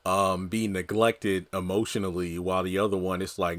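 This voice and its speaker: A man's voice: deep voice, little pitch movement, moderate pace, hardly any pauses, a bit bright. A man giving casual, rambling commentary, heavy on filler words. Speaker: TV recap commentator.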